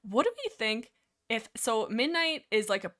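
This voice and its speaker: A woman streamer rambling casually about a book series, animated and sarcastic, full of fillers and restarts. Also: fairly high pitch, normal speed.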